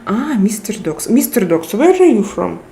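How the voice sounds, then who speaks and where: A woman's voice: mid-range voice, very animated, moderate pace, creaky, mellow. A woman hosting a live chat, reading viewer messages and teasing them in a playful, giggly way.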